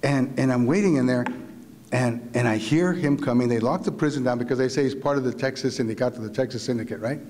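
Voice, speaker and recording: A middle-aged man telling a story to an audience, animated and laughing, acting out other people's voices. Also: medium pitch, fast. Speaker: visiting writer giving a talk. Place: large hall. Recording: long hall reverb.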